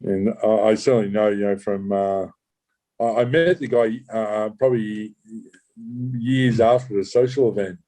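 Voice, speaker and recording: Man, ex undercover cop, interview storytelling, halting restarts, casual swearing, low warm voice. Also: fairly even intonation, poor audio. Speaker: former undercover police officer. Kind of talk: recounting a true story in an interview.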